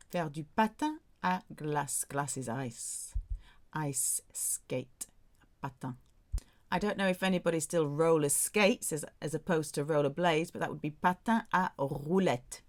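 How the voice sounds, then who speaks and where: A woman teaching a French lesson, speaking slowly and deliberately as she drills vocabulary. Her voice sits low for a woman. Each word is set out clearly, with room to repeat it. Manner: slow, deliberate drilling of words. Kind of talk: language lesson.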